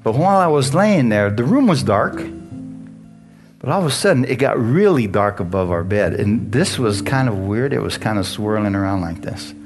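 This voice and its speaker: Conversational male pastor over soft guitar. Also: fairly low pitch, expressive, moderate pace. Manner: conversational preaching, asks the congregation questions. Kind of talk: sermon. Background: guitar music.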